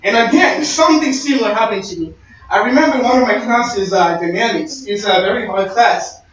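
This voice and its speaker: A man's voice: high voice, brisk, a bit bright. Young male speaker, sermon-style storytelling, distant and muffled recording. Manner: conversational, storytelling with quoted dialogue. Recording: echoey, distant, dull-sounding room recording.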